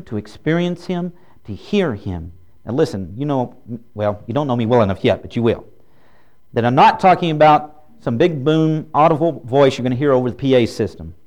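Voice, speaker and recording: A man's voice: medium pitch, a little mellow. A man preaching a folksy, humorous sermon as a pastor.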